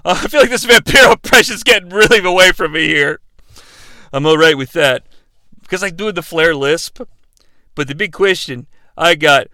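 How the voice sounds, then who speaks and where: A man with a high, bright, smooth voice hosts a casual comedy recap. He is sarcastic and swears freely, tossing out jokey asides. The sound is dry and close. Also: very animated, normal speed, no echo. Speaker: podcast host recapping a wrestling show.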